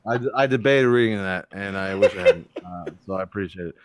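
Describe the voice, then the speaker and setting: A man's voice: on the low side, fast talker, very noisy. A man hosting a casual gaming podcast stream, reading viewer comments aloud in a loose, laughing, swear-laden way. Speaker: podcast host.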